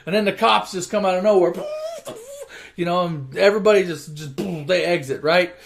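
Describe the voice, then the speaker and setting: Offhand, swearing man, fairly high voice. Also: steady tone, moderate pace, creaky. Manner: profane, offhand, self-correcting. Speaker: storyteller. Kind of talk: casual comic movie retelling.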